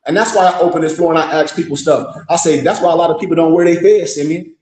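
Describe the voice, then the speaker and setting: A man's voice: a little high, fast talker, a little mellow. Blunt, scolding man lecturing in an echoey room. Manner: blunt, scolding, profane, rhetorical questions. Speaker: teacher addressing a group. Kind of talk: preaching lecture.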